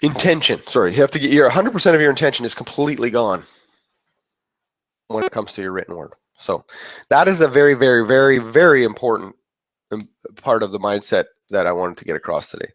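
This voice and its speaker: A man with a lowish, fairly bright voice talks fast in a casual motivational talk, rambling, breaking off mid-thought and acting out how other people reacted. The recording is dry, dull and lo-fi.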